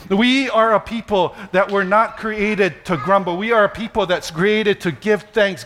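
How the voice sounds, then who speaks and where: A man pastor, preaching a sermon with animated storytelling, self-deprecating humor and slow emphatic repetition. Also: sits high.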